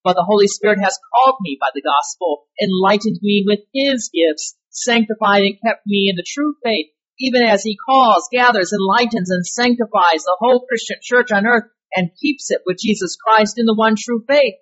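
A woman's voice: mid-range voice, moderate pace, a bit bright. Woman pastor, sermon, emphatic, leans on key words, rhetorical questions, dull muffled recording.

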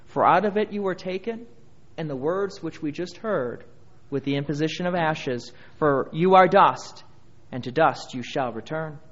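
A man's voice: fairly high pitch, moderate pace, a bit bright, dull audio. A male pastor preaching a sermon, reading scripture aloud and building emphasis through repeated phrases.

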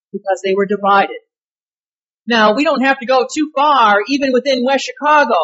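Woman pastor, sermon, emphatic, leans on key words, rhetorical questions, dull muffled recording. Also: on the high side.

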